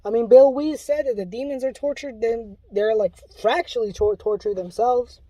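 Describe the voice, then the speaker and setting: A man's voice: extremely high pitch, normal speed, mellow, no room sound. A man delivering an impassioned spoken warning, pleading and urgent in a preachy way, often restarting his sentences. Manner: rambling with restarts. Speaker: self-described Luciferian giving a testimony.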